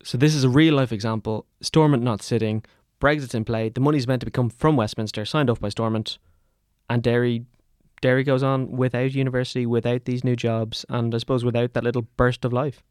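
Measured male podcast host. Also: medium pitch, steady tone, a little mellow, clean tone, dry recording, studio quality. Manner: measured, summarizing.

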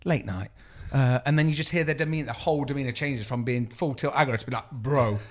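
A man's voice: medium pitch, racing. A man, co-hosting a casual chat and acting out his stories. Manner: animated storyteller who acts out both sides of his anecdotes. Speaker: podcast co-host.

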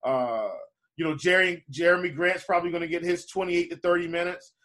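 Guy with a slightly high voice chatting sports on a podcast, lots of ums and restarts. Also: steady tone, brisk, a bit bright. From lives in Charleston area. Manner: conversational, hesitant fillers and restarts. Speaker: fantasy basketball podcast co-host. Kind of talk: casual podcast chat.

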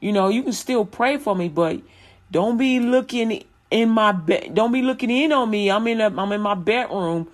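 A woman's voice: mid-range voice, normal speed, natural voice. A woman voicing her eighteen-year-old nephew, who insists on his privacy in a pleading, emphatic way. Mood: insistent.

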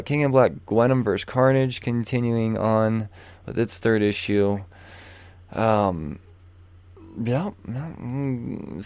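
Profane ranting man, gravelly and low. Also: darkish tone, no room sound. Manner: blunt, profane, ranting with frequent swearing. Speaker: comic book reviewer. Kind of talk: casual profane rant.

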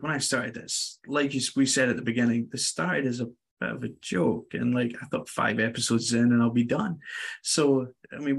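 A man talking as a guest in a casual podcast interview, telling stories in an animated, self-deprecating way. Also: medium pitch, gravelly, husky.

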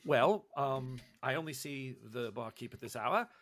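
A man's voice: medium pitch, animated, a little slow, a bit bright, no room sound, voice pushed down. A man voicing a timid, polite male professor who stammers and keeps restarting his sentences. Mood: hesitant. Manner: hesitant, stammering, full of restarts.

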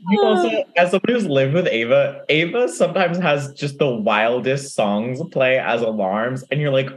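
A podcast co-host in casual book-club chat, making dry, quick quips. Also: mid-range voice.

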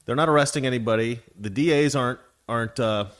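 A man's voice: mid-range voice, quick pace, fairly bright tone, no echo, studio quality. A man hosting a casual livestream commentary show, talking in a sarcastic, ranting way. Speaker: host.

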